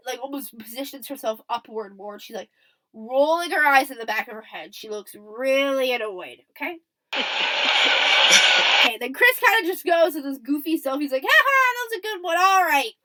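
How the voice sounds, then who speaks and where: A young woman talks through her podcast in a casual, chatty way. Her voice sits high and swings widely as she acts out quotes and keeps checking in with her listeners. She sounds like someone recapping events for friends. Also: a bit bright, poor audio. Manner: chatty, checks in often with "okay?" and "right?"; acts out quoted lines and laughs. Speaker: podcast host.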